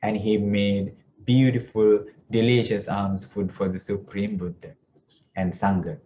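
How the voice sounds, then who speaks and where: A man, a Buddhist monk, telling a story in a sermon, slowly and gently with restarts. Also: fairly low pitch, little pitch movement, dull audio, a little hiss or hum. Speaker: Buddhist monk giving a Dhamma talk.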